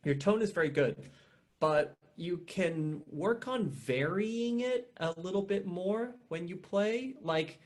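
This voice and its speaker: A man's voice: high voice, lively intonation, takes it slowly. A young man teaching an online violin masterclass, talking casually with many restarts and fillers.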